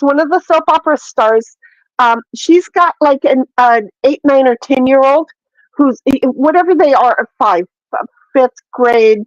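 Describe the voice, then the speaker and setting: A woman's voice: high-pitched, dry recording. A woman chatting casually, rambling and ranting with lots of fillers and some swearing. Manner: rambling, profane, animated ranting with many fillers. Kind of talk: casual chat. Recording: dry, slightly dull audio.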